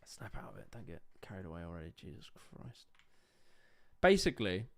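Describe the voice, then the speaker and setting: A man's voice: deep voice, very animated, fairly quick, creaky. A young man hosting a livestream, ranting casually and sarcastically about clips, swearing freely. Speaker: livestream host reacting to clips.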